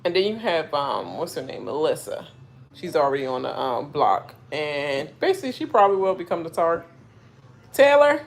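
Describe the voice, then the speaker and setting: A woman's voice: sits low, big pitch swings, a little fast, gravelly. A woman chatting casually on a live reaction stream, rambling with lots of fillers and asides. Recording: faint background noise.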